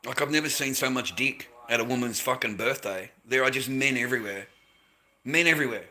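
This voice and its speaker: A man tells a profane story in blunt, blokey chat. He keeps calling the listener mate and bro. His voice is bright and sharp, at an ordinary pitch for a man. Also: fairly quick. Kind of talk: casual crude storytelling.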